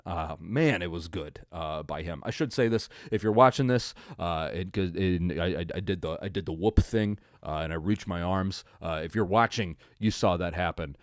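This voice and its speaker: A young man with a deep, low voice talks through a football game on his solo podcast. He rambles and gets excited, with plenty of restarts and fillers. The sound is close and dry, with no room echo. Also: moderate pace, hardly any pauses. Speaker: podcast host. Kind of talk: casual solo sports recap.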